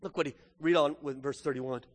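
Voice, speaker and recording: A man preaching a sermon as a pastor, swinging between loud pleading and hushed, intimate asides. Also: on the high side, fairly even intonation, brisk. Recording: reverberant hall.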